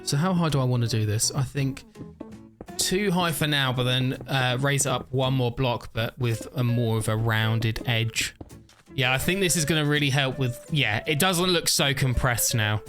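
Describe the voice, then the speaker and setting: Man, casual gameplay commentary, chatty, tired, mid-pitched voice. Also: moderate pace, a bit bright, faint music behind. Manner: chatty, upbeat, thinks aloud, laughs often. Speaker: gaming video creator.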